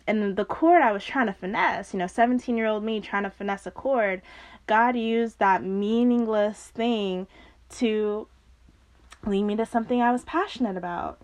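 A young female podcast host in her twenties tells her own story at a normal speed and medium pitch. Casual and animated, she frequently laughs and acts out other people's words.

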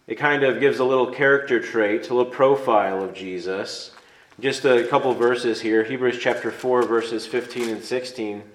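Earnest male preacher in an echoey room. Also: mid-range voice. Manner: earnest, conversational, explains step by step. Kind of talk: conversational sermon.

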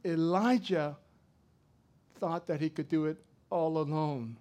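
A middle-aged man preaching a sermon, swinging from loud to soft as he tells a story. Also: fairly high pitch, slow. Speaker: pastor.

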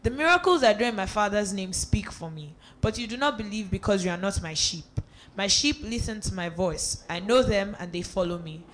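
A reader going through a Bible passage aloud at a steady pace, with a few small slips and restarts. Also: medium pitch, fairly quick, slight background noise. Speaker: scripture reader. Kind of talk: reading scripture aloud.

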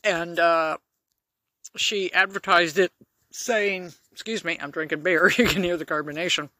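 A woman's voice: on the low side, fairly even intonation, unhurried, bright, forceful tone, dry recording. A woman hosting her own podcast, talking in a rambling, chatty way with blunt, outspoken asides. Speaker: podcast host. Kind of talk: casual solo podcast monologue.

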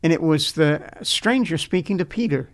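Older male pastor with a raised, gravelly voice, sharing his personal faith story earnestly with stops and restarts. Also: a little high, lively intonation. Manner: earnest, halting, repeats words as he recalls.

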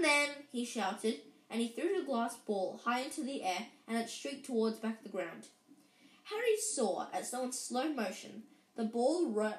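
A woman reading a children's story aloud in a lively way, with frequent slips and restarts. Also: on the high side. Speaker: reader. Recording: roomy echo.

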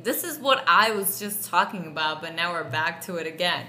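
A woman's voice: on the low side, expressive, moderate pace, pushed and bright, a little hiss or hum. A woman co-hosting a casual chat, dryly correcting and adding details to a travel story. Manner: dry, correcting her partner's version of events. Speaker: podcast co-host. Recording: roomy echo.

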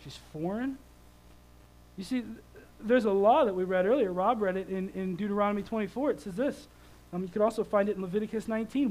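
A man in his thirties preaching a sermon, conversational and animated, telling stories with lively swings in loudness. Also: sits high, brisk, rough recording.

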